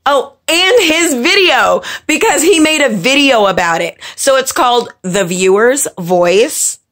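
A woman's voice: high-pitched, animated, measured pace, a bit bright. Profane, scolding woman with a drawl. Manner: blunt, profane, scolding, with repeats for emphasis. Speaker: vlogger and makeup teacher. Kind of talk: angry casual rant to camera.

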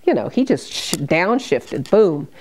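A woman's voice: lowish voice, big pitch swings, unhurried. An older American woman, a hospice nurse, telling stories from her work to a small group and acting out the people she quotes. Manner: warm anecdotal storytelling with quoted dialogue. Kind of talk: storytelling presentation.

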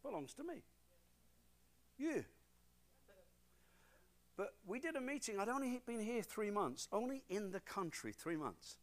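Middle-aged British male preacher, emphatic sermon delivery, high-pitched and very animated. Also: a little slow, long pauses. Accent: British English. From Britain. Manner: swings from loud preaching to quiet storytelling; animated, emphatic, repeats for stress. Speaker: pastor.

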